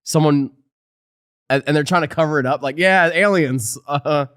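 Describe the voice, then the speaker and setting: A man's voice: on the high side, flat delivery, moderate pace, clear, resonant tone, dry recording, clean studio sound. A man from New Jersey co-hosting a podcast in casual chat, laid-back and joking as he rambles. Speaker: podcast co-host.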